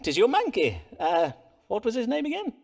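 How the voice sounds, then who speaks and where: An actor playing a learned, courteous Elizabethan astrologer and doctor who speaks in florid, archaic phrases. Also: male voice, very high voice, wildly swooping pitch, normal speed, vocal fry, a little mellow, exaggerated voice. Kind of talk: period game voice acting.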